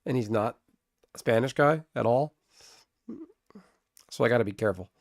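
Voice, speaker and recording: A man streaming a card game live, chatting casually with viewers, excitable and swearing freely. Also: medium pitch, normal speed, no room sound, studio quality.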